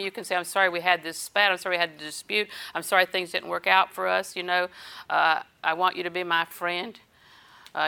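Bright-voiced older woman preaching. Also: mid-range voice. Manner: storytelling with quoted dialogue and laughter. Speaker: minister. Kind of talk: sermon.

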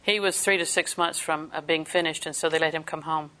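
A woman's voice: sits low, fairly even intonation, a little fast, bright, forceful tone. An older woman preaching a sermon, telling folksy family stories and laughing often between points.

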